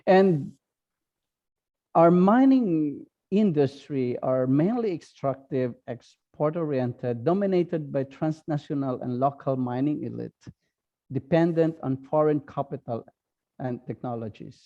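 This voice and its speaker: A man with a Filipino accent, a priest giving an online talk, speaking slowly and haltingly with many fillers. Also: medium pitch, muffled recording. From Philippines. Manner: slow, halting, with frequent fillers.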